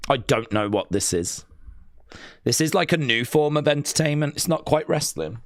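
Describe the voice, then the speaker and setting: A man's voice: fairly high pitch, lively intonation, moderate pace, no echo. A middle-aged man hosting a live wrestling watch-along who rants sarcastically and with exasperation while he reacts. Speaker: live stream host.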